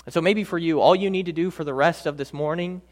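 A pastor preaches a sermon in a slightly higher voice, his delivery dynamic and heartfelt. He builds to emphatic lines, then drops to soft, drawn-out near-whispers on key words, slowing right down for emphasis.

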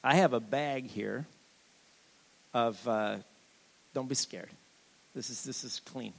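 A man's voice: mid-range voice, slow pace, gravelly, big-room sound. An older man giving a candid, joking testimony sermon as a guest preacher in a church. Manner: candid, joking, animated storytelling.

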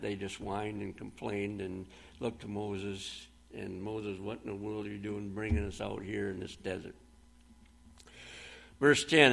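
A man with a gravelly, fairly bright voice at medium pitch preaches a sermon. He reads scripture aloud and retells Bible stories in plain, folksy language with a few fillers.

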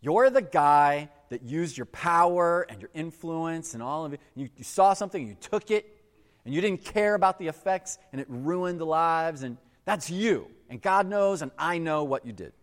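A pastor doing a blunt, shrewd prophet. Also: male voice, fairly high pitch, animated, moderate pace, lightly acted. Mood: accusing. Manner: direct, plain-spoken. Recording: echoey hall with long reverb.

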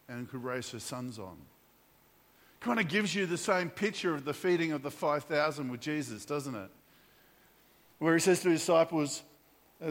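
A man preaching a sermon, telling a story with animated character voices and frequent restarts. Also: fairly high pitch, long reverb tail. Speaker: pastor.

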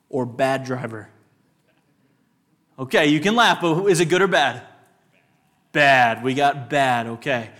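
A young man with a West Texas accent, a guest speaker telling lively personal stories at church and putting questions to the audience. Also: mid-range voice. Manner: animated storyteller, asks the audience questions.

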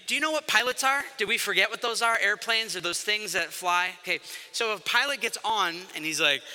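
Male pastor, high and very bright voice, lively sermon delivery, long hall reverb. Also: brisk, hardly any pauses. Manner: animated, acts out quoted voices.

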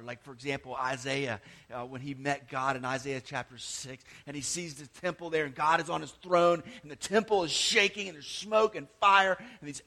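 Guy preaching a sermon, bright ringing voice, gets loud then goes almost whisper quiet, keeps restarting his words. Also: a little high. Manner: impassioned, swings from loud emphatic cries to hushed near-whispers; repeats words and restarts phrases. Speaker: pastor.

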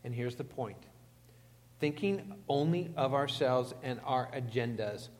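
A man's voice: mid-range voice, a little slow, darkish tone. Man preaching in a reverberant hall. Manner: emphatic, asks the congregation questions. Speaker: pastor. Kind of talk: sermon.

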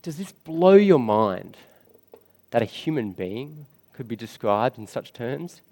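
A man preaching a sermon in a church, slow and emphatic, with dramatic rises and quiet drops. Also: medium pitch, very animated. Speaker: pastor.

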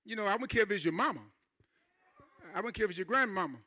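A male pastor preaching a sermon in church, talking to the congregation in an informal, conversational way and acting out church members in quick asides. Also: high voice, animated, bright, forceful tone.

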